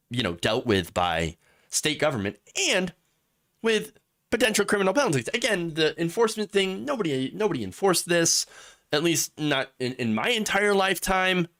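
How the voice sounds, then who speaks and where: A man hosting a live political commentary show, sarcastic and animated, laughing at his own jokes. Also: a little high. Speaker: host.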